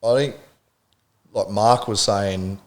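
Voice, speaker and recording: A man with a low-pitched voice hosting a casual interview. He mostly keeps to short agreeing remarks and quick jokes. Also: fairly even intonation. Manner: brief backchannel remarks, joking. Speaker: podcast host.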